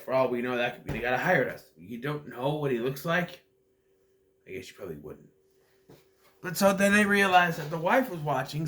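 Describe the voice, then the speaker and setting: A man's voice: mid-range voice, a bit bright. A man giving a casual, rambling movie recap that meanders and often loses its thread. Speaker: movie reviewer.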